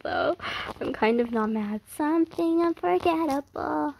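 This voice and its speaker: A high-voiced woman with a very lively, swooping voice, gushing as she unboxes a haul. She gasps, squeals and sometimes drops to a whisper, talking casually to her viewers. There is a faint hiss of noise under the recording. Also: normal speed, gravelly, rough recording. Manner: gasps and squeals often, gushing fan excitement. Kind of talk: excited casual unboxing chat.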